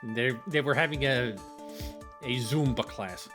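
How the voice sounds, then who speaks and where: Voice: mid-range voice, a little slow. A player co-playing a story game, teasing and laughing while reading its lines aloud. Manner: teasing, animated, laughs often. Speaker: let's play co-player. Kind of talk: casual game commentary, reading dialogue aloud. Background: game music.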